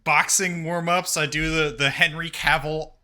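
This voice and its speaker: Man, tabletop player, playful jokes, very bright voice. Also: fairly high pitch, little pitch movement, moderate pace. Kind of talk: casual tabletop play.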